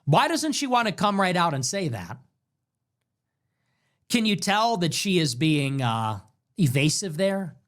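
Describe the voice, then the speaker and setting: A man's voice: sits high, sing-song, unhurried, pauses often, fairly bright tone. A man hosting a commentary show, reacting to clips in a mocking, sarcastic way and repeating phrases back. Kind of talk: political commentary stream.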